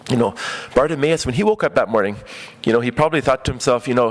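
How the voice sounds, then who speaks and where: A man gives a relaxed, conversational sermon, with plenty of fillers. He acts out the voices of the people he quotes. His voice sits in a middle pitch. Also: fast talker, few pauses. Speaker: preacher.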